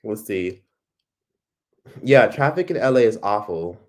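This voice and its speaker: A man's voice: lowish voice, measured pace. A man hosting a casual livestream, chatting expressively while reading and answering viewer comments. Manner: chatty, animated, swearing freely. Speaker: livestream host.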